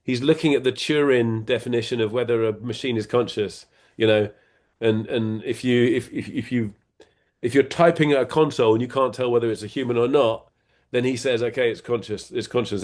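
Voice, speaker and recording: A man's voice: mid-range voice, steady tone, brisk, a little mellow. A middle-aged man as an interview guest, explaining ideas in a rambling, playful way with many restarts and fillers. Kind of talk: casual conversation.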